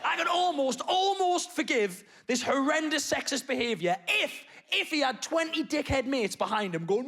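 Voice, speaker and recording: A man doing stand-up comedy on stage, telling a story with sudden loud bursts and low muttered asides. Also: expressive, normal speed, hardly any pauses, slight background noise. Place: comedy stage before a live audience.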